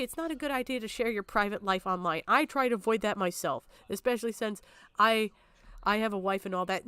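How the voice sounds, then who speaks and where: A woman's voice: mid-range voice, fairly bright tone, smooth, no echo. A woman streaming from home, delivering an impassioned, indignant rant and apologizing often. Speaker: livestreamer. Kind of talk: emotional commentary on a livestream. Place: home room.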